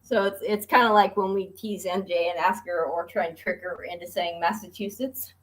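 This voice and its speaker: A woman's voice: on the low side, steady tone, moderate pace, poor audio. A woman chatting casually on a livestream, easygoing and giggly, explaining things patiently.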